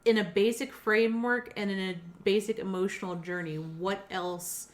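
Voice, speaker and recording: A woman's voice: medium pitch, little pitch movement, moderate pace. A woman co-hosting a casual podcast, dry and matter-of-fact, teasing her co-host. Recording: echoey room.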